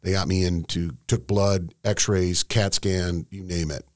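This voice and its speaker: A middle-aged man tells a personal story candidly and emotionally, with halting restarts. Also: sits low, steady tone, dry recording, clean studio sound. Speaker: estate planning seminar host, guest.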